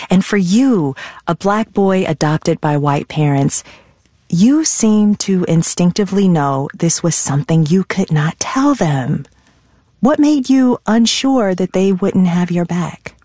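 A woman hosting a public radio interview, reading a composed introduction and asking questions calmly. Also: lowish voice, dry recording. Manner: calm, composed, scripted introduction. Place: radio studio.

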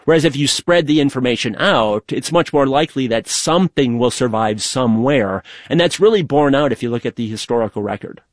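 A man being interviewed as an author, explaining in a measured way. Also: medium pitch, animated, no room sound, clean studio sound. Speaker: author guest. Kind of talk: radio interview.

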